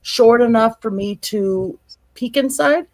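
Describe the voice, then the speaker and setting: A woman's voice: on the high side, slow pace, dry recording. A woman playing a tabletop game, casual, bold and wisecracking. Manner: bold and wisecracking, sassy in character.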